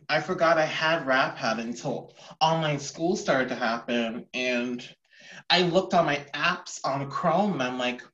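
A teenage male podcast host in casual chat, rambling and defensive. His pitch jumps around a lot. The recording is dull and lo-fi. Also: fairly bright tone.

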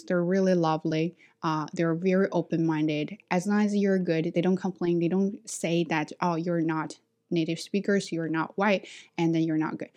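With a lowish, slightly mellow voice, a Chinese-accented woman from China chats on her own casual monologue podcast. She's an ESL teacher and host who speaks outspokenly and energetically, breaking into laughter at times while recounting stories.

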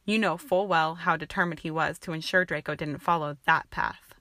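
Woman doing a dour wizard teacher guy, calm drawl, lowish. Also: moderate pace, dry recording, clean studio sound. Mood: measured.

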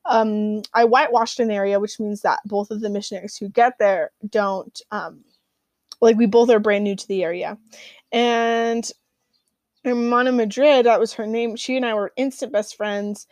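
A young woman from the United States, a returned missionary, tells a personal story in a halting way, with frequent fillers and restarts. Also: medium pitch, fairly even intonation, darkish tone, no echo. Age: young adult.

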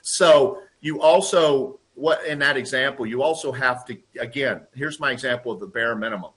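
A man in a conversational interview, telling workplace stories and acting out quotes in lively voices. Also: mid-range voice, normal speed. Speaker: guest, lean process consultant and trainer.

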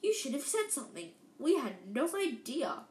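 A woman's voice: high-pitched, sing-song, normal speed, a little mellow. A woman doing cheeky teasing teen twin boys. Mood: mocking. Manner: mocking, playful. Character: cheeky teenage boy twins, teasing. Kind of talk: storybook reading. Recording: echoey room.

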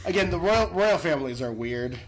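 Man with a wry, high lively voice. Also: fairly quick, a little hiss or hum, rough recording. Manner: wry, deadpan asides. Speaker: podcast co-host. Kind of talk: casual movie recap chat.

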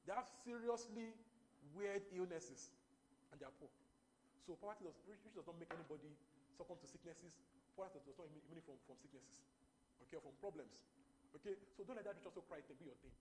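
A man preaching a sermon, emphatic and repetitive, rising into loud animated bursts. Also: fairly high pitch, a little fast, a little hiss or hum.

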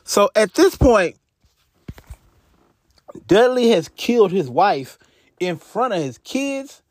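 A man's voice: sits high, sing-song, takes it slowly, darkish tone, dry recording. Slangy man telling a true crime story. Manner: casual, slangy, filler-heavy.

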